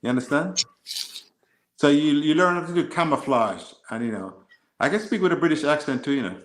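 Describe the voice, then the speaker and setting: A man's voice: on the high side, animated, fairly quick, echoey room, rough recording. A Jamaican-born man with an American accent, telling stories in a casual podcast chat, often laughing and mimicking accents. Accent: American with Jamaican traces. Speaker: guest.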